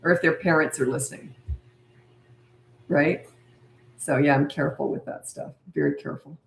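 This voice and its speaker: An older woman with a lowish voice and big pitch swings answers viewers' questions on a live stream as a parenting coach, speaking at a moderate pace. She is chatty and emphatic, hammering her main points home, and the room has a clear echo.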